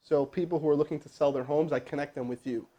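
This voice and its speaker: The audio sounds dull, carrying a man with a fairly high pitch who talks at a quick pace. After a live cold sales call, he coaches his crew in a casual way, packed with fillers and restarts, sounding energetic and rambling.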